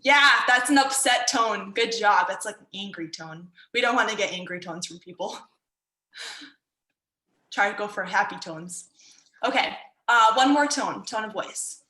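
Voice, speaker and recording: A woman's voice: mid-range voice, expressive, measured pace, bright, forceful tone, echoey room, low-quality recording. A woman martial arts instructor teaching an online workshop for kids in an upbeat, encouraging way, over a video call.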